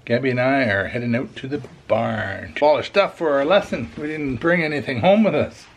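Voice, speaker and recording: A man's voice: mid-range voice, moderate pace, slight background noise. A man, chatting casually as a vlogger at a horse barn. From Canada. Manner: chatty, explains as he goes. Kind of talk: casual vlog talk.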